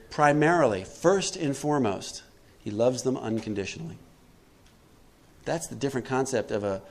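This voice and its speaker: A man giving a recovery workshop talk, asking his listeners questions and answering them himself, acting out quotes with big swings in pitch and loudness. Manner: preachy, asks the room questions and answers them; acts out quotes with animated swings in pitch and volume. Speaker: workshop speaker.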